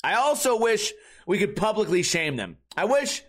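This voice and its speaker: High-voiced man ranting a comic bar story. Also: very animated, fairly bright tone. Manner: profane, ranting, quick bursts. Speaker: podcast host. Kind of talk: comedic storytelling rant.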